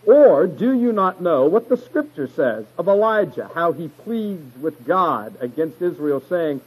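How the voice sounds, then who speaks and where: A man's voice: a little high, animated, measured pace, hardly any pauses, husky, low-quality recording. A man teaching verse by verse through a Bible passage, stressing key words emphatically and retelling the stories in a folksy way.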